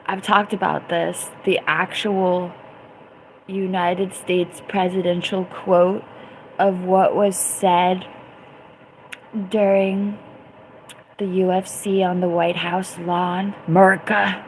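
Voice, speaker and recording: Slow-talking giggly woman streamer. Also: fairly low pitch, level tone, a little hiss or hum, poor audio. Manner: chatty, giggly, reacting loudly to chat. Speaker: livestream host and DJ. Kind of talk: casual live-stream chat reading viewer comments.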